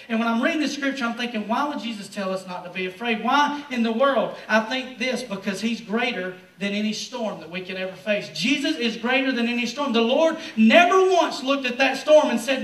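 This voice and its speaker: A male pastor preaching a sermon in a lively, slangy way to his congregation. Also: very high voice, normal speed, far from the mic. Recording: roomy echo, speaker away from the mic.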